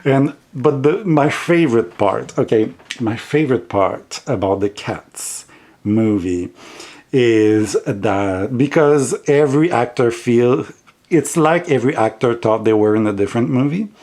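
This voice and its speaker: A man's voice: medium pitch, lively intonation, a little slow, darkish tone. A man with a heavy non-native accent chatting casually on his tarot vlog, rambling and giggling as he goes. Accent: heavy non-native English accent. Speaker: tarot vlogger.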